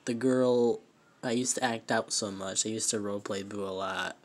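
A young man filming a casual toy review vlog on a handheld phone, talking in a halting, rambling way with many fillers and restarts, his voice emotional. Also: lowish voice, steady tone. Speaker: vlogger. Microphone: handheld phone camera.

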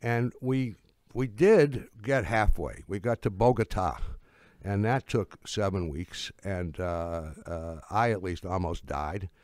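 An older man giving a talk, telling anecdotes with wry humor and frequent halting restarts. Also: deep voice, darkish tone, no room sound, clean studio sound.

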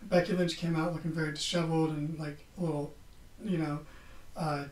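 A man's voice: fairly high pitch, level tone, fairly quick. A man hosting a podcast, giving a casual, sarcastic wrestling recap and swearing freely. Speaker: podcast host. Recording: roomy, distant from the mic.

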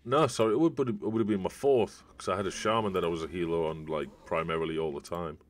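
A man's voice: low-pitched, fairly even intonation, fast, slight background noise. A man streaming a video game, chatting in a rambling, casual way to viewers as he plays. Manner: rambling, chatty, talks to viewers while playing. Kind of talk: casual gameplay commentary.

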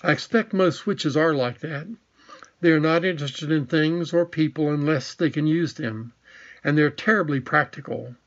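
A man's voice: fairly high pitch, moderate pace, fairly bright tone, dull audio. A man narrating a children's storybook, reading with small slips and restarts. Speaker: audiobook narrator.

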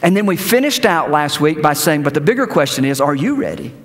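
High, lively-voiced male pastor preaching. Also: brisk, long reverb tail. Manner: animated preaching with repeated words and rhetorical questions. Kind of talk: sermon. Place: church sanctuary.

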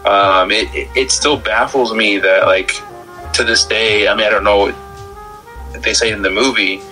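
A low-voiced man with a bright, forceful tone, chatting loosely on a podcast about a movie. He restarts often and stammers through his thoughts, with faint music behind him. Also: fairly even intonation, unhurried, rough recording. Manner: rambling, stammering, many restarts. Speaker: podcast co-host. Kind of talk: casual film-discussion chat.

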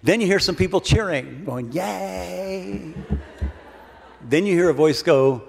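A man's voice: on the high side, lively intonation, fairly quick. A man giving a humorous keynote speech to an audience, telling a long comic story in a wry, dry way. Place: large hall before an audience. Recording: long hall reverb, faint background noise.

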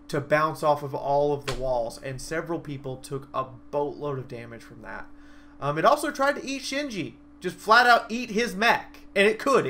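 A young man excitedly recapping a live-action role-play battle in a vlog, a dramatic storyteller whose voice leaps up and down. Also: a little hiss or hum. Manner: animated, dramatic storyteller with big swings in pitch and loudness.

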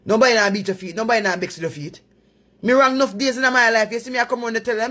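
Jamaican woman, husky, preachy live-stream host advising viewers. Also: a little high, fast talker, pushed and bright. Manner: earnest, advising, in patois-laced talk.

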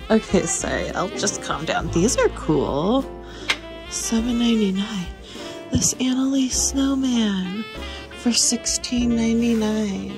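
A woman chatting casually in a shopping vlog, excited and gasping as she browses a store, with music playing behind her. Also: fairly high pitch, slow. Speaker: thrift reseller vlogger.

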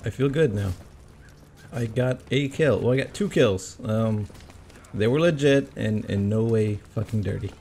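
A man giving casual commentary on his own gameplay, swearing often and breaking into excited yelps and groans. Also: lowish voice, a little slow, gravelly, slight background noise.

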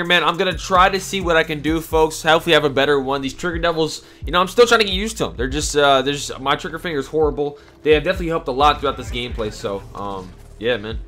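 A young man giving excited, slangy live commentary over his own video game play, talking straight to his viewers with loud outbursts. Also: a little high, quick pace, few pauses. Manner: slangy casual talk to viewers. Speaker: gaming YouTuber. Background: background music.

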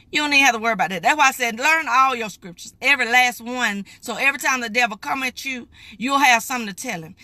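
A raspy middle-aged woman preaches to her live viewers in a folksy, emphatic way. Her voice sits fairly high and has a sharp, forceful edge. It is recorded close and dry, with no room sound. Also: no room sound. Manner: emphatic, folksy preaching, calls listeners baby. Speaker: lay preacher streaming live. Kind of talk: live-streamed morning devotional.

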